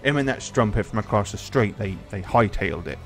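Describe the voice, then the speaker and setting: A man's voice: fairly low pitch, expressive, a little fast, creaky, faint music behind, pitched below the performer's own voice. A man voicing a middle-aged farmer father who talks in rustic, folksy phrases and is stricken with grief. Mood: worried.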